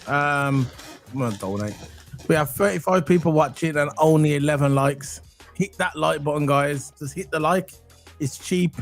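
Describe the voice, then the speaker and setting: A man's voice: on the high side, moderate pace, soft background music. Chatty man on a livestream. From Wales. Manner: rambling, chatty, talks to viewers directly. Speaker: co-host of a football livestream. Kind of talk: casual livestream chat.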